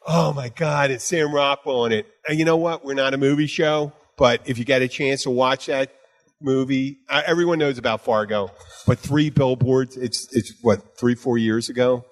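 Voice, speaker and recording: A man chatting casually as co-host, animated and ranting, swearing freely. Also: mid-range voice, moderate pace. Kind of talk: casual chat.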